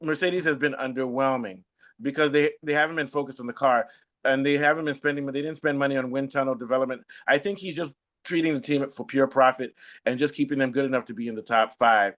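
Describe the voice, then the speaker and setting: A man co-hosting a casual sports podcast chat, talking in an animated way and often repeating words as he thinks. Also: medium pitch, fast talker. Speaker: co-host. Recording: lo-fi dull sound.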